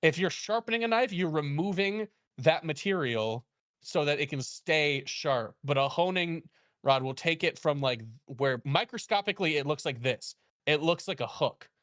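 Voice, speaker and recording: Bright, animated man telling a story. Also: on the high side, normal speed, no room sound, clean studio sound. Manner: animated, laughs often, acts out quoted dialogue. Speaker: guest, chef. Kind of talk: casual storytelling chat.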